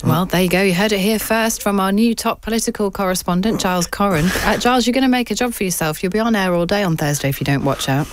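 A woman hosting a breakfast radio show, brisk and teasing with her guests. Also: medium pitch, a little hiss or hum. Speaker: radio host.

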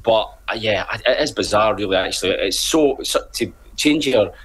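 A man commenting on a radio panel in a wry, hesitant way with many pauses. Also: lowish voice, animated, fairly bright tone. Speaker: panel guest.

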